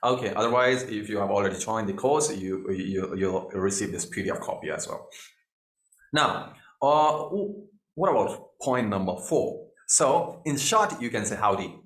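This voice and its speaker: A man's voice: lowish voice, animated, normal speed. A man teaching a spoken lesson, repeating phrases and filling gaps with "you know". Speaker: English teacher. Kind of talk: online spoken English lesson. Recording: echoey room.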